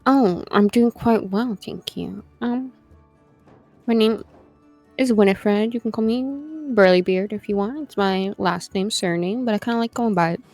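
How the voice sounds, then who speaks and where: A woman's voice: mid-range voice, a little slow, darkish tone, dry recording, soft background music. A woman playing a tabletop game, chatting in character in a casual, drawling way with crude asides. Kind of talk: in-character roleplay chat.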